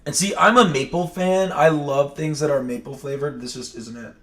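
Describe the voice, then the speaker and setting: A man's voice: a little high, normal speed, fairly bright tone. A man from New England hosting a livestream, chatting in a rambling, self-correcting way. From New England, Maine. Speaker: livestream host. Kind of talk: casual chat. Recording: echoey room, distant mic.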